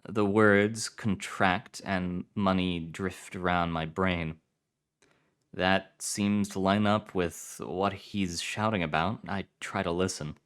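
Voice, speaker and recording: A man with a low, deep voice reading short stories aloud. His narration is calm and measured, with a low-key, unhurried delivery. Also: clean tone. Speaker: story reader. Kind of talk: scripted fiction narration.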